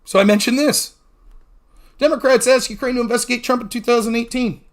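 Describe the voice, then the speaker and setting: A man's voice: extremely high pitch, fairly even intonation, a little fast. A man hosting a political talk show, recapping a debate in a heated, argumentative way with emphatic, sometimes profane remarks. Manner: argumentative, mimics opponents mid-sentence.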